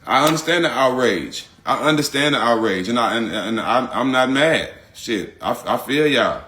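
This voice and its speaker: A man speaking straight to his audience in loose, slangy talk, hammering the same points again and again. His voice is bright and forceful, sitting at an ordinary pitch for a man. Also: animated, moderate pace, a little hiss or hum. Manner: emphatic, repetitive, slangy. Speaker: public figure speaking out. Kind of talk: casual direct-to-audience talk.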